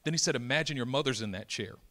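A middle-aged man preaching a sermon through a personal story, swinging from loud exclamations to hushed near-whispers. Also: mid-range voice, quick pace.

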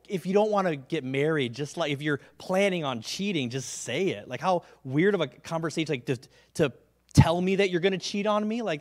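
Conversational pastor, slightly high voice. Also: male voice. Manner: conversational, keeps asking the crowd "right?"; drops to a quiet, hushed delivery on key words. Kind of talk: sermon.

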